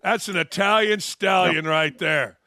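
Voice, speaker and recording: Sports talk host in his 60s, brash and rambling, high bright voice, dry studio sound. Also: measured pace, dry recording.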